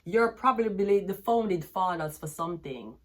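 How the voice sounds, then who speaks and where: A woman's voice: lowish voice, lively intonation, normal speed, a little hiss or hum. Brash Jamaican woman ranting through tarot. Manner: brash, cursing, switching into patois. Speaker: tarot reader. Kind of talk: profane tarot reading rant.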